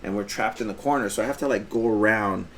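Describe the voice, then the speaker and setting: A man with a fairly low voice tells a rambling, animated story on a casual podcast, slipping into quoted voices and swearing as he goes. A faint hum of background ambience sits under his voice. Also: fast talker. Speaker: podcast co-host.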